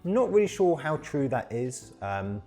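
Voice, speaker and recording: A man's voice: medium pitch, sing-song, normal speed, warm tone, faint music behind. A man hosting a casual podcast discussion, explaining at length with many ums and restarts. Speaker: podcast host.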